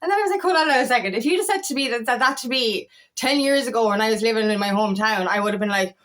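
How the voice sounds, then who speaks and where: A woman's voice: on the high side, animated, racing, fairly bright tone. A woman in her thirties who is a life coach, talking frankly in a casual motivational monologue, swearing freely and often repeating her words. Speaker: feminine empowerment coach.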